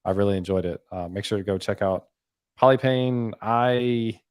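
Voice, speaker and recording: A man's voice: on the low side, moderate pace, a little mellow, clear, resonant tone, no echo, clean studio sound. A man hosting a live stream, chatting casually and rambling with frequent "um"s and "like"s. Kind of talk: casual chat.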